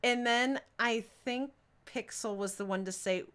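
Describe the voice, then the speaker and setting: A woman's voice: a little high, unhurried, a bit bright, smooth. A young adult woman streaming a game, chatting casually with her viewers, giggling often and reading their messages aloud. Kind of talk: casual live-stream chat while gaming.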